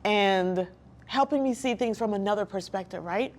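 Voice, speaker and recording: A woman talking as an interview guest, earnest and reflective, with pauses and restarts. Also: mid-range voice. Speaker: guest, licensed counselor. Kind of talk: candid personal interview talk.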